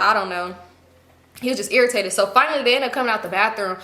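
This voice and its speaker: A woman's voice: a little high, racing. A young woman vlogger telling a story in a casual, gossipy way and acting out the quotes. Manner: animated, gossipy, acts out quotes. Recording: echoey room.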